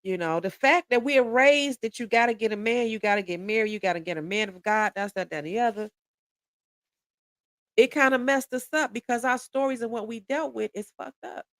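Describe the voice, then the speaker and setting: A woman's voice: a little high, a little fast, no echo, clean studio sound. A woman in her forties giving a candid podcast monologue, blunt and profane, often restarting and repeating words as she presses her point. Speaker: podcast speaker.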